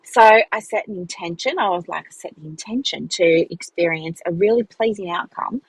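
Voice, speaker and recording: A woman hosts her podcast in a chatty, animated storytelling style. Her voice leaps high whenever she acts out what someone said, and it has a slightly husky, breathy edge. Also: normal speed, dry recording, low-quality recording. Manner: animated, chatty, acts out dialogue with big pitch jumps. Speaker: business mentor and podcast host. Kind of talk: casual storytelling monologue.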